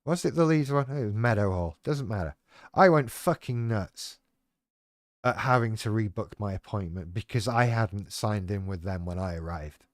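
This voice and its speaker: In a loose, self-mocking monologue full of profanity, this channel host shares what living with BPD is like. His voice sits in the middle range. The sound is clean studio quality without any echo.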